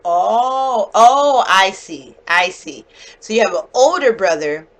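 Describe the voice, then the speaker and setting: A woman with a standard North American accent teaching a one-on-one English lesson over a video call. She explains slowly and clearly, with patience. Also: medium pitch, expressive, low-quality recording. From United States.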